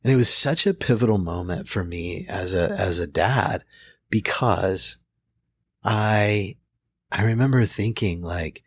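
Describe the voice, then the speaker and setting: Man in his 40s, therapist host, reflective storyteller, husky voice, dry close sound. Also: on the low side, lively intonation, a little slow, no echo. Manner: reflective storyteller, with frequent restarts. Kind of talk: casual podcast conversation.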